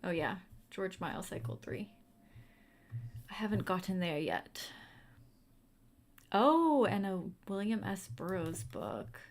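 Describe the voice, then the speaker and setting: A young woman hosts a livestream, chatting casually and answering viewers' comments. Her medium-pitched voice is very animated, though she speaks at a slow pace and pauses often.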